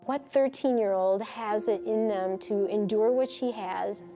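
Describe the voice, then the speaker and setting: A woman's voice: mid-range voice, a little slow, mellow, soft background music. A woman social worker speaking earnestly in an interview. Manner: earnest, admiring.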